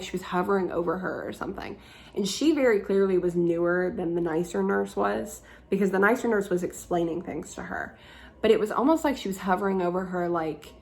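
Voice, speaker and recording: Young woman rambling through a story, lots of "like"s, some swearing, gravelly fry in her voice. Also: fairly low pitch. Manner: chatty, frequent "like" fillers, swearing. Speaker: vlogger. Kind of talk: casual storytelling.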